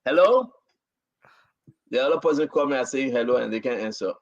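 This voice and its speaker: A man's voice: medium pitch, animated, fairly quick, muffled recording. A man hosting a call-in show, blunt and bossy with callers. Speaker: host. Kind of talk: call-in radio talk.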